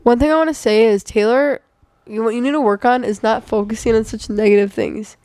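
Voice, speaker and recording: A woman's voice: a little high, a little fast, a little mellow, no echo. A young woman chatting on a podcast as a guest, blunt and sassy. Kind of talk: casual chat.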